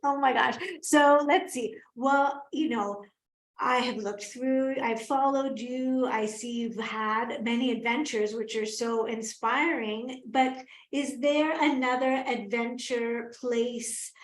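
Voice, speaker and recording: A woman hosting a podcast interview, effusive and quick to exclaim, asking warm follow-up questions. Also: a little high, fairly even intonation. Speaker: podcast host and clinician. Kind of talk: casual interview chat. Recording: roomy echo.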